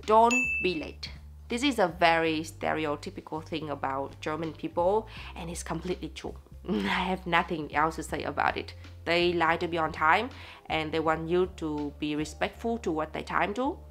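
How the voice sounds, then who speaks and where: A woman from Vietnam with a Vietnamese accent, talking casually in a vlog, chatty and lively and often laughing. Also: sits low, normal speed. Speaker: vlogger.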